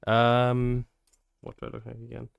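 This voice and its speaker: A man's voice: mid-range voice, completely flat delivery, unhurried, creaky, clear, resonant tone, no room sound. A man streaming a building game live, chatty and joking as he reacts to viewer messages. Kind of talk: live gameplay stream, answering chat.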